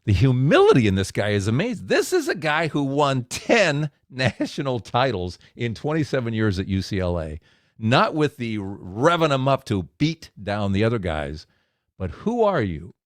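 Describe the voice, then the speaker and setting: A man giving a devotional message for men, storytelling with lively acted-out quotes. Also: mid-range voice, normal speed, no echo, clean studio sound. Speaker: speaker of a men's devotional.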